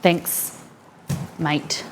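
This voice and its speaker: An Australian woman cooks live in her home kitchen, chatting away to herself and to the food as she goes. She talks casually and breaks into excited squeals now and then. A faint background hum sits under her voice. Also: extremely slow. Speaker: cooking live-streamer. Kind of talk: casual live-stream cooking chat.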